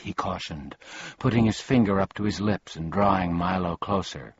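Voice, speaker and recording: Unhurried male audiobook narrator, husky, expressive, slightly dull recording. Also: low-pitched, no echo. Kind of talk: audiobook reading.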